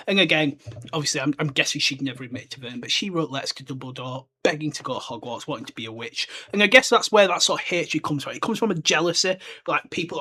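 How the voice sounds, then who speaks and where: A man's voice: fairly high pitch, a little fast, pushed and bright. A man hosting a book podcast, rambling and chatty, with side remarks along the way. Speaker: podcast host. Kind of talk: casual chat, book discussion.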